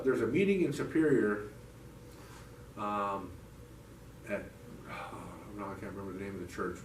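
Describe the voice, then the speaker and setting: A man giving a heartfelt, rambling personal testimony to a church recovery group, full of restarts and "you know". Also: fairly low pitch. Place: church meeting room. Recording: echoey room, mic from a distance, faint noise.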